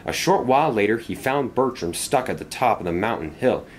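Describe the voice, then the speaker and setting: Animated man narrating a storybook tale. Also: mid-range voice, brisk, slight background noise.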